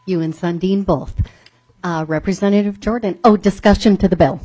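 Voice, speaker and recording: Woman chairing a committee, mellow tone, muffled recording, crisp procedural calls. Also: on the low side, fairly even intonation. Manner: brisk, procedural. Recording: dull, lo-fi hearing room audio.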